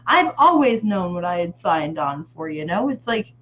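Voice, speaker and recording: A woman's voice: on the low side, big pitch swings, moderate pace, fairly bright tone. A woman vlogging in casual chat while she paints a face design, telling stories in a rambling way full of fillers and casual swearing. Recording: muffled lo-fi audio.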